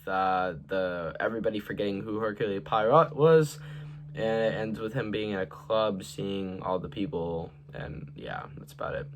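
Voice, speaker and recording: A young man with a fairly low voice talks through a movie in a casual review. His delivery is loose and rambling, padded with fillers, and his voice tends to fade at the ends of sentences. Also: a bit bright.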